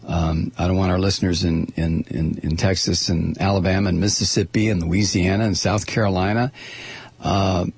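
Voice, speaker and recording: Gravelly older man hosting talk radio. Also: deep voice, fairly even intonation, normal speed, a little mellow. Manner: rambling, many restarts and repeated words. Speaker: radio talk show host. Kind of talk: casual political talk radio monologue. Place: radio studio.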